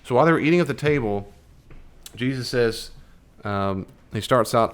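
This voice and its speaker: A man's voice: on the low side, moderate pace. Chatty American man teaching Bible class. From United States. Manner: conversational and chatty, quizzes the class, acts out quotes. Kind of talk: classroom Bible study lesson.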